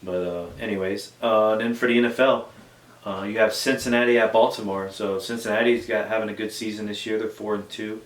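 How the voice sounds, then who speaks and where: A woman's voice: a bass voice, fairly even intonation, a little fast. A woman hosting a casual sports review show, rambling with many fillers and restarts. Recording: echoey room, mic far off.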